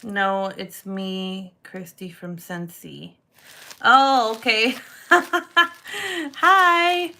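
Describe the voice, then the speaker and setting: A woman's voice: medium pitch, slow, gravelly, pushed and bright. A young woman casually chatting with her viewers while she works with clay, giggling often. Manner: chatty, giggly, talks to live chat viewers. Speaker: polymer clay livestream host. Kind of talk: casual livestream chat while crafting.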